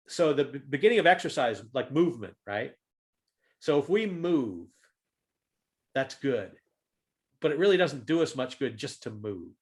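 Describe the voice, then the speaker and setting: A man giving a talk on humor and leadership over a video call, animated and fond of loud acted-out demonstrations. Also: fairly high pitch.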